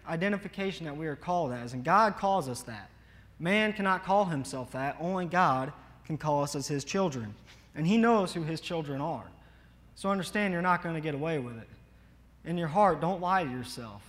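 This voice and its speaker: A man's voice: on the high side, normal speed, a bit bright, big-room sound. A man preaching an earnest, emphatic sermon to his congregation. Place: church.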